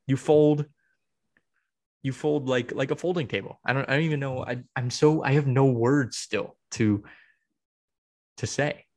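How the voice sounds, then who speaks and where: A man's voice: mid-range voice, measured pace, long pauses, darkish tone. Rambling young man venting about football. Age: young adult. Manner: rambling, exasperated sports venting with many restarts. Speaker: podcast co-host. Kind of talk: casual chat.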